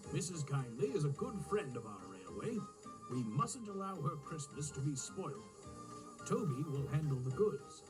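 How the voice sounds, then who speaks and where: A man voicing a kindly, authoritative older railway boss in a storybook reading, measured and reassuring, with music underneath. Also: fairly high pitch, low-quality recording.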